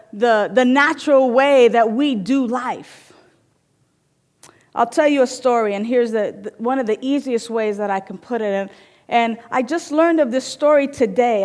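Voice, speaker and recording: High-voiced woman minister, slow sermon. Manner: storytelling, playful, emphatic. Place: spiritual center hall. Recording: long hall reverb.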